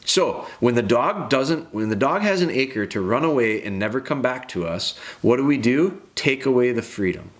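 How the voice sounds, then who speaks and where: A man's voice: medium pitch, lively intonation, moderate pace, few pauses. A man in his thirties hosting a dog-training podcast, ranting bluntly and emphatically, with restarts.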